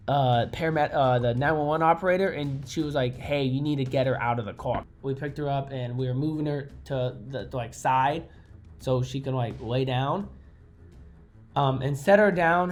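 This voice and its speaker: A young man vlogging a casual storytime, excitable and profane, making crash noises with his mouth. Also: medium pitch.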